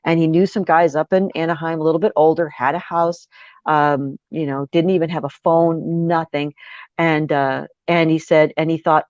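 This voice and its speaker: Woman podcast guest with a lowish voice who tells stories with lots of energy. Dry, dull lo-fi recording. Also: normal speed, no echo. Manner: lively, laughing, acts out quoted voices. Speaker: guest speaker and author. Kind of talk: animated storytelling in a podcast interview.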